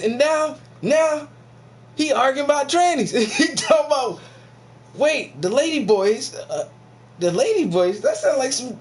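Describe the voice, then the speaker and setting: An American man riffing profanely and mockingly on a podcast clip, laughing often as he rants. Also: very high voice. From United States. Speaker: video commentator reacting to a podcast clip. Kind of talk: casual profane reaction rant.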